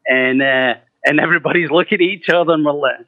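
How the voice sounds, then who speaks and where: Profane middle-aged rock singer telling stories. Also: male voice, fairly high pitch, quick pace, no echo. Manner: profane, laughing, acts out quoted voices. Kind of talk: casual storytelling. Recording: muffled, lo-fi, dry.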